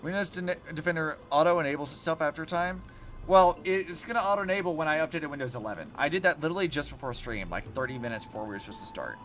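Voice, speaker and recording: A man's voice: fairly high pitch, fast, faint music behind. A young man streaming a game, chatting casually and swearing freely as he reacts. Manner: animated, profane, talks to chat while playing. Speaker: vtuber streamer. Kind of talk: casual gaming livestream chat.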